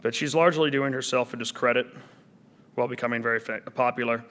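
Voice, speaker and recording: A man's voice: mid-range voice, steady tone, fast talker, a bit bright. A man answering audience questions at a seminar, combative and sardonic. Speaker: speaker at a seminar. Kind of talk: lecture Q&A answer. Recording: long hall reverb.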